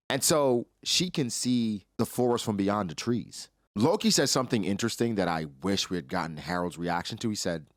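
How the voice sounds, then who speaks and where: Animated young man breaking down a chapter. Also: on the low side, normal speed, hardly any pauses, no echo, studio quality. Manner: animated, acts out character lines in his own voice. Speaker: anime reaction host. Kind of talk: casual commentary.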